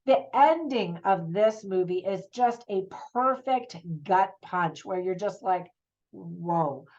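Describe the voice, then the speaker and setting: A woman's voice: mid-range voice, expressive, slow pace, a little mellow, lo-fi sound. A middle-aged woman reviewing a movie in a chatty, enthusiastic way, laughing at her own asides.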